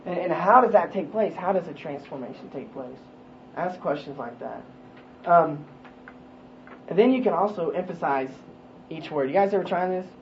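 A man's voice: on the high side, animated, moderate pace. A man giving an informal Bible lesson to a small group, conversational and full of questions and restarts. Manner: conversational, asks questions, frequent ums and restarts. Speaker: Bible study teacher. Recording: dull lo-fi recording with faint noise.

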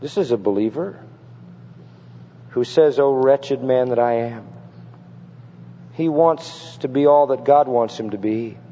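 A man's voice: medium pitch, a little slow, long pauses, warm tone, a little hiss or hum. A man preaching a sermon, firing rhetorical questions and reading scripture with mounting fervor. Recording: reverberant, dull lo-fi sermon recording.

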